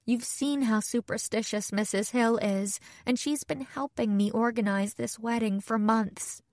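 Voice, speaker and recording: A woman's voice: fairly high pitch, steady tone, measured pace, a little mellow, no echo, studio quality. A woman doing a weary, anxious young bride. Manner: tired, hesitant.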